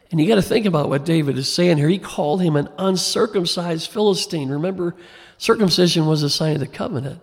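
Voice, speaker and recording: A man's voice: fairly high pitch, quick pace, gravelly, breathy edge. A man preaching a verse-by-verse sermon, conversational at first and growing emphatic, in a church sanctuary. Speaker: pastor. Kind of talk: expository sermon. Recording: long hall reverb.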